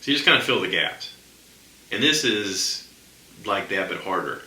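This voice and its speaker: A man's voice: low-pitched, lively intonation, normal speed, pushed and bright. A man talking casually and at length on his own podcast, rambling with lots of fillers and restarts. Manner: rambling, chatty, many fillers. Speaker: podcast host. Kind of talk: casual solo podcast chat. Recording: echoey room with faint ambient noise.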